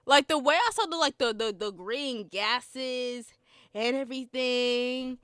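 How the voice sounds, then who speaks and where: High, lively, giggly young woman podcaster. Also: measured pace, no room sound. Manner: rambling, giggly, sidetracked. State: slightly sore throat. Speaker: podcast host. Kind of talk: casual film review chat.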